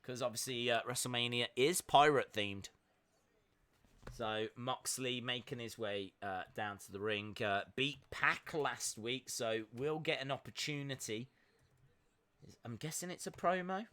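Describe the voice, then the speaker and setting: A young man hosts a casual live wrestling watch-along, chatty and upbeat, using lots of fillers and reading out viewer messages. His voice is medium in pitch, unhurried, bright and forceful.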